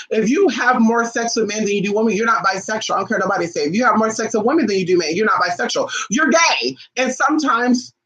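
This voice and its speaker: A man giving spiritual advice on a casual livestream, blunt, profane and animated as he acts out his viewers' questions. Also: high-pitched, rough recording.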